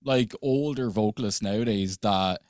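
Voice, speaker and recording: Irish band guy, lowish voice, keen and chatty, dry sound. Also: moderate pace, darkish tone, dry recording. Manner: eager, agreeable, chatty. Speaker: band member guest. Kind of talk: casual chat.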